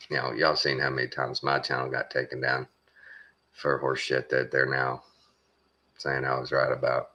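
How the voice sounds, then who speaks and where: Texan guy real low voice but kinda sharp edge, rambling vlog talk full of uh's. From Texas. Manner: meandering, many "uh" pauses, folksy. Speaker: vlogger. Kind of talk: casual rambling monologue.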